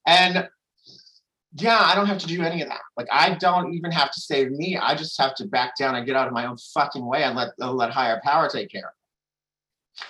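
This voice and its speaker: A man's voice: a little high, sing-song, normal speed, sharp tone, poor audio. A man sharing candidly at a recovery meeting, rambling with restarts and frequent swearing. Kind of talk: candid personal share.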